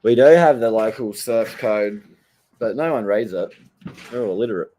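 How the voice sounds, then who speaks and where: A man's voice: fairly low pitch, normal speed. Sweary Australian man ranting casually. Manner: sweary, blunt, animated. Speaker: surfer vlogger.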